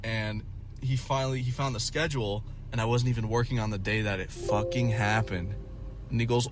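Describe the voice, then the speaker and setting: A man's voice: on the low side, fairly even intonation, brisk. A man telling a story in a casual vlog, rambling and swearing often, with many fillers. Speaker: vlogger.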